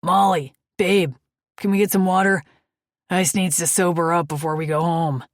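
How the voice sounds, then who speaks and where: A woman voicing a rowdy young male biker calling out loudly, in an audiobook. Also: lowish voice, steady tone, normal speed, no echo, studio quality, voice pushed up, close to an everyday voice.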